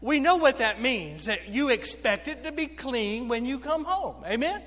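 A pastor preaching a sermon, telling funny stories and calling out to the congregation. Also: male voice, very high-pitched, expressive, normal speed, a bit bright. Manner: storytelling preacher, humorous asides to the congregation. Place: church sanctuary. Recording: long reverb of a church hall.

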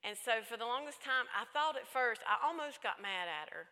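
Woman, middle-aged, bright forceful voice, folksy preaching, echoey hall. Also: on the high side, lively intonation, normal speed. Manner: emphatic, folksy storytelling. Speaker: women's conference speaker. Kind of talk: sermon-style talk.

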